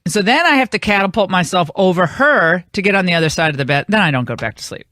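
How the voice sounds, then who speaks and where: A woman's voice: fairly low pitch, expressive, fast talker, fairly bright tone, dry recording, studio quality. A woman hosting a radio talk show, telling a long rambling anecdote in casual on-air chat. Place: radio studio.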